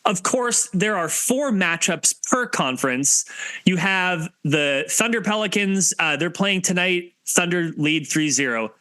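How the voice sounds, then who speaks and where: A man co-hosting a sports podcast in casual chat, lively and jokey as he rattles off scores. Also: high voice, a little slow, no room sound. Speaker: podcast co-host.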